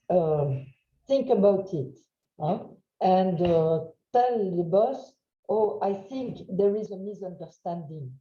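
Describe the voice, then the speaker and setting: Slow French-accented woman, dark voice. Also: medium pitch. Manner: halting, many fillers, tag "huh?" checks. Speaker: webinar trainer. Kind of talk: online webinar lecture. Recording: roomy, dull lo-fi sound.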